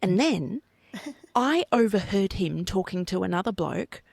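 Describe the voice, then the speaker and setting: A woman's voice: mid-range voice, a little slow, vocal fry, no echo. An Australian woman co-hosting a casual chat show, telling stories bluntly and with plenty of swearing. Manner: animated, blunt storytelling with swearing. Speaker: podcast co-host.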